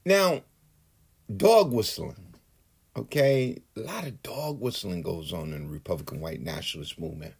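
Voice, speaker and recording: A man's voice: sits low, brisk, hardly any pauses, husky. A man delivering a heated, profane political rant in his own vlog, swearing often and building into outbursts. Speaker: political commentator.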